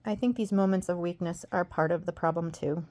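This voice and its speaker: A woman's voice: on the low side, fairly even intonation, fairly quick, dark tone. A woman vlogging at home in a rambling, self-deprecating, exasperated way. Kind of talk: casual personal vlog.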